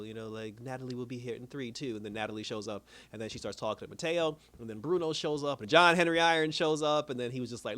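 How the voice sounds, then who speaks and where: Fast-talking casual man recapping a show. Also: mid-range voice, fairly bright tone. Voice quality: laid-back, slangy, laughs often. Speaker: TV episode reviewer.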